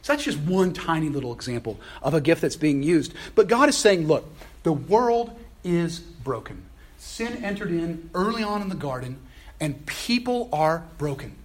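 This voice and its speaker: A pastor delivers a sermon in a conversational, animated way. His voice sits a bit high with a slightly husky edge, and his pitch swings widely as he exclaims and laughs between points. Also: moderate pace.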